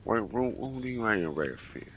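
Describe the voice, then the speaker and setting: A man's voice: on the low side, animated, moderate pace, a bit bright, a little hiss or hum, rough recording. A man hosting a casual gameplay video, reading dialogue choices aloud and musing to himself. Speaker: host of the show.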